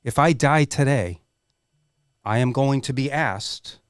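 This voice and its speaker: A man's voice: medium pitch, slow, clear, resonant tone, dry recording, studio quality. A middle-aged man speaking as a podcast guest, telling a candid personal story in an earnest, emotional way and swearing freely.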